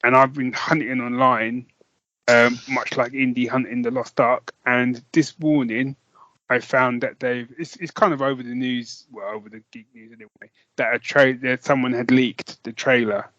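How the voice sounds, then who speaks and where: An eager British man co-hosting a podcast, who talks in a loose, rambling way and laughs often. His voice sits at a middling pitch. The recording is dull and lo-fi, with a dry, close sound. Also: steady tone, moderate pace, a bit bright, no echo. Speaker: podcast co-host. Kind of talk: casual chat.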